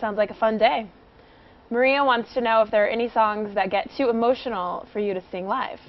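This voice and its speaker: A woman host reading fan questions in a chat, upbeat and quick to laugh. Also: fairly high pitch, steady tone. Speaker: radio host. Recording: muffled lo-fi audio.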